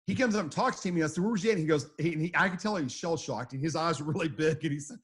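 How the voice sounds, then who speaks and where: A storm chaser speaks with a husky, slightly high-pitched voice. He tells his stories casually. He rambles and repeats himself. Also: rapid-fire, a bit bright. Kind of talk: casual storytelling.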